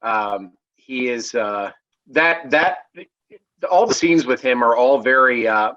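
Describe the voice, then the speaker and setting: A man's voice: medium pitch, lively intonation, takes it slowly, a bit bright, no echo. A middle-aged man in a casual review chat, rambling and restarting his sentences as he reaches for the point. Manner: rambling, many fillers and restarts. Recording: dull dry lo-fi remote mic.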